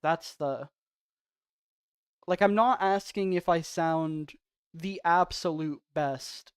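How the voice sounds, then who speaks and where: A man's voice: a little high, slow, clean tone, no echo. Rambling, self-mocking male game streamer. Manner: soft-spoken off stream. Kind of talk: casual livestream chat.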